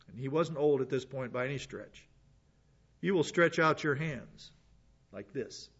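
A man's voice: on the high side, normal speed, fairly bright tone, slightly rough, lo-fi sound. A man teaching a sermon in a conversational way, with asides between the verses he reads. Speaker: preacher.

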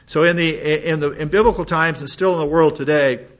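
A man's voice: fairly high pitch, fairly even intonation, fairly quick. Older guy preaching, chatty and meandering, trips over his words, kinda muffled recording. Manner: rambling, folksy asides with many restarts. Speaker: pastor. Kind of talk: sermon. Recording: slightly dull lo-fi recording.

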